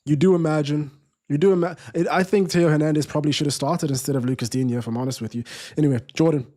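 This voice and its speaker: Brief: male streamer with a slightly high voice, casual football commentary, lots of restarts. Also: steady tone, fast, mellow. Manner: chatty, restarts sentences, reads viewer comments aloud. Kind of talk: live stream commentary and chat.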